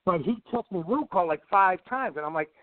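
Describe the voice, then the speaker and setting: A middle-aged man telling long rambling stories in a casual, animated way. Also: high-pitched, fairly quick, noisy background. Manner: rambling, animated, repeats himself. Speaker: guest. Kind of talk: casual storytelling. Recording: tinny dry call line.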